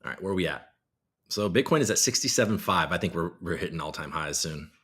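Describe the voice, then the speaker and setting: A man's voice: sits low, expressive, quick pace, fairly bright tone, breathy edge. A man hosting a casual live stream, reading headlines aloud and reacting with profane, rambling commentary. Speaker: crypto show host.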